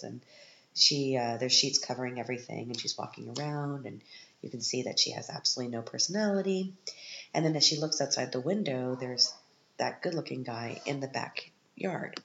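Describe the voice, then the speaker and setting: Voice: medium pitch, normal speed, gravelly, fairly bright tone, echoey room, dull audio, a little hiss or hum. A podcast host recapping a film from their living room in a rambling, sarcastic way, full of asides.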